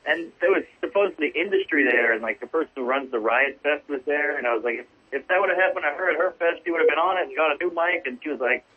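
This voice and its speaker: A comedian from New Orleans, calling into a podcast, rants in an exasperated way about a gig gone wrong. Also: male voice, a little high, quick pace, few pauses, slightly rough, narrow, tinny audio. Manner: ranting, exasperated. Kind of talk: casual podcast storytelling. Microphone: phone call-in line.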